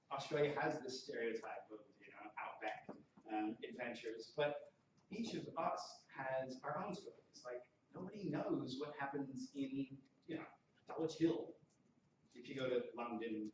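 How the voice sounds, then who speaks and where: A man's voice: medium pitch, lively intonation, moderate pace, a little hiss or hum. A man delivers a storytelling keynote in a large conference hall and acts out the voices of the people in his anecdotes. He is picked up from some distance, so his voice is thin and muffled. A heavy hall echo trails every phrase. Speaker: keynote speaker and poet. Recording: echoey hall, distant and dull.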